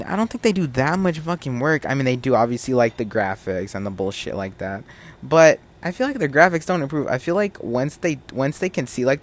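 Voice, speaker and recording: Young male podcast host, profane and animated rant, mid-pitch voice.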